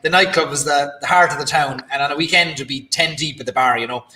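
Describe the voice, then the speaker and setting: A man hosts a relaxed chat, joking at his own expense. His voice sits a little high and sounds bright, and the room around him echoes. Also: fast talker. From Ireland. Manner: joking, self-deprecating. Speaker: host. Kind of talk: casual interview chat.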